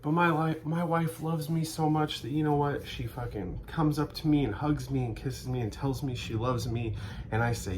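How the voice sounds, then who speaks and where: A man in a rambling, deadpan comedic monologue, sarcastic and profane, acting out both sides of made-up conversations. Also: fairly high pitch, normal speed, a crowd in the background. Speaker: vlogger.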